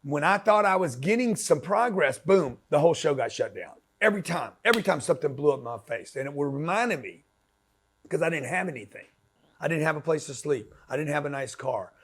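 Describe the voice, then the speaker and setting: A man's voice: a little high, expressive, a little fast, breathy edge. A man giving a blunt, slangy motivational talk, punchy and direct, often acting out quoted voices. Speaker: motivational business speaker.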